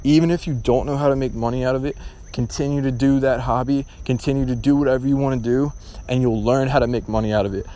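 A man's voice: medium pitch, steady tone, fast, warm tone. Profane, rambling young man. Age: young adult. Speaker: podcast host. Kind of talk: casual solo podcast rant.

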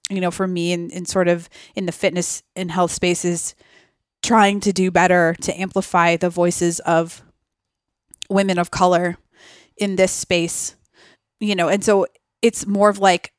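Smooth-voiced woman chatting on a podcast. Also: lowish voice, no echo, studio quality. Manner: chatty, thinks aloud with many fillers. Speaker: podcast guest. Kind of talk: casual conversational interview.

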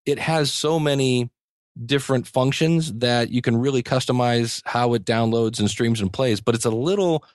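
A man's voice: mid-range voice, normal speed, no echo, clean studio sound. Enthusiastic man, rambling guest. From United States. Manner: rambling and enthusiastic, many restarts and chuckles. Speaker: podcasting teacher, guest. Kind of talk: conversational interview.

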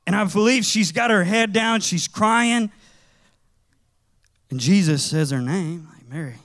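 Guy with a high voice preaching, super casual and chatty, tells it like a story. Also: a little slow. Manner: conversational, casual slang, animated storytelling. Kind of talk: sermon.

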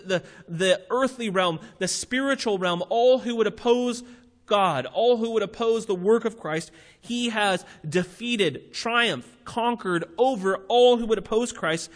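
A man preaching a sermon in a conversational, animated way, acting out little voices as he explains scripture. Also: sits high, measured pace. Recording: hall reverb.

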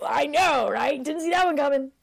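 A woman's voice: high voice, normal speed, creaky. Chatty woman goofing around retelling a movie, does silly little voices. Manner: chatty, playful, acts out characters in silly voices. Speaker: podcast co-host recapping a film. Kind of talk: casual chat.

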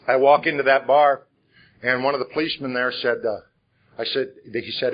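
An older man from Iowa, speaking at a recovery conference, tells his life story to the audience in a conference hall as a personal testimony. His mid-range voice is steady and brisk, and he talks in a frank, conversational way with rhetorical questions. The audio sounds dull.

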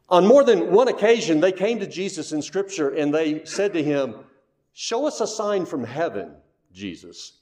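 A man's voice: high voice, a little mellow. A man preaching a sermon to his congregation, emphatic, asking rhetorical questions and repeating key phrases. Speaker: pastor.

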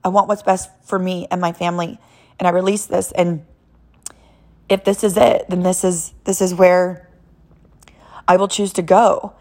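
A woman's voice: lowish voice, little pitch movement, moderate pace, long pauses, darkish tone. A woman in her thirties from Southern California speaks candidly about her faith in a personal talk. Her delivery is emotional and rambling, full of restarts as she works through her thoughts. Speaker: vlogger sharing a personal story.

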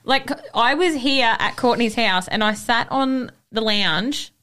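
A woman's voice: fairly high pitch, slow, a bit bright, smooth. A woman chatting in an emphatic, friendly way. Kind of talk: casual chat.

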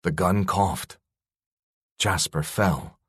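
A man's voice: deep voice, extremely slow, fairly bright tone, breathy edge, no echo, clean studio sound. A man narrating a science-fiction story in a dramatic, tense first-person reading.

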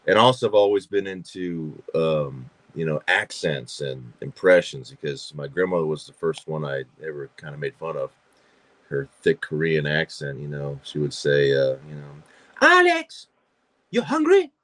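With an extremely low-pitched voice at a moderate pace, this Georgia-born actor and filmmaker chats on a podcast as a guest, spinning stories packed with fillers and repetitions. The recording is dry.

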